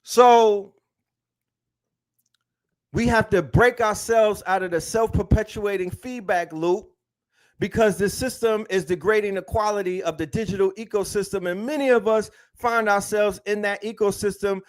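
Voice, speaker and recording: A man's voice: high voice, fairly even intonation, normal speed. A man hosting an online talk, speaking emphatically with slang and lots of repetition. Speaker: host. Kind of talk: animated lecture-style talk.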